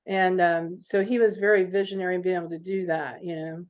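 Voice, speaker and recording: A middle-aged woman, a business owner, telling stories in a chatty, animated interview manner. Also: on the low side, a little fast. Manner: animated storyteller, chatty with fillers. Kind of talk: conversational interview storytelling. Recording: dull lo-fi recording.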